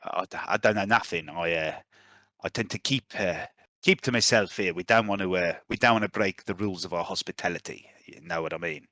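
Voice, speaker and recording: A man voicing a gruff, guarded male mercenary in a put-on South African accent, talking with a hesitant drawl. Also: low voice, fairly quick, sharp tone, dry recording, studio quality, pitched below the performer's own voice. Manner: hesitant, filler-heavy drawl.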